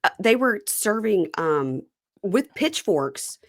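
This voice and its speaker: A woman podcast host recapping a reality show in casual chat, animated and jokey. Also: mid-range voice, slow, no echo, clean studio sound. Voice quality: animated, jokey, loose with fillers.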